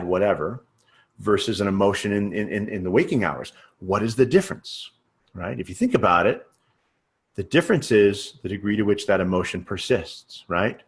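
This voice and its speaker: A man giving a sales training lecture in a conversational way. He often checks in with the listener and uses everyday examples. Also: fairly low pitch. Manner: conversational, checks in with frequent "right?". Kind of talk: teaching lecture.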